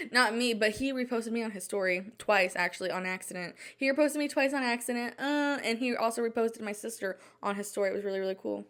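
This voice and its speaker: A woman's voice: fairly high pitch, a little fast. A young woman hosting her own podcast, chatting alone in a rambling, flustered way full of fillers and restarts while she sounds anxious and shaken. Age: young adult. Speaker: podcast host. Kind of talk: casual solo chat. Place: at home at night.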